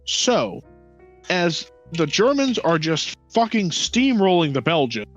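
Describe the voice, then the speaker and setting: Sweary, sarcastic guy, higher voice. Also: big pitch swings, slow. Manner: profane, sarcastic, acts out nations in mock quotes. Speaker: podcast co-host. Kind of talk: casual history chat. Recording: dull lo-fi sound with faint music.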